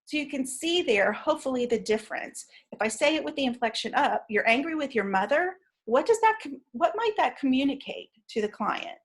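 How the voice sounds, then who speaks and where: A woman teaching an online training session, explaining in a measured way with frequent fillers and restarts. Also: high-pitched, expressive.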